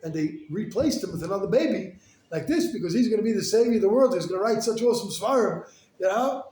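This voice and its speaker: A rabbi telling stories in a sermon, animated and casual, full of "like" and "you know.". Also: male voice, high-pitched, quick pace. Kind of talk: storytelling sermon. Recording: echoey room with faint noise.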